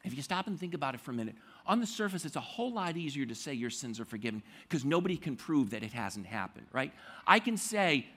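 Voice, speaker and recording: A man preaching a sermon as pastor, telling the story in an animated way and acting out the quotes. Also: fairly high pitch, fast talker, breathy edge.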